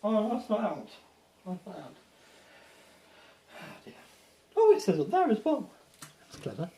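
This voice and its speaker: A man's voice: high-pitched, huge pitch swings, measured pace, warm tone. A man co-hosting a casual model railway live stream, teasing the host and laughing often. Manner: teasing, giggly, playful.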